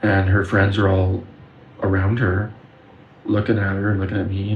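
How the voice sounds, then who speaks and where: A man speaks low and in a monotone, telling personal stories about his spiritual experiences for a video. Earnest and intense, with filler pauses, he comes from the Windsor, Ontario and Detroit area. Background noise is faint, and the room sounds echoey.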